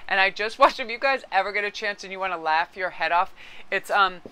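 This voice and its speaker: A woman's voice: mid-range voice, brisk, bright, forceful tone, clean tone. A woman giving a casual tarot reading, chatting with her viewers and aside to her cat. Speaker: tarot card reader.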